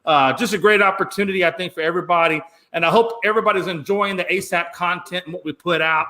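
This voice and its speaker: A man co-hosting a casual sports talk show, joking loudly and drawing out emphatic phrases. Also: high-pitched. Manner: joking, loud and blustery, drawn-out emphatic phrases.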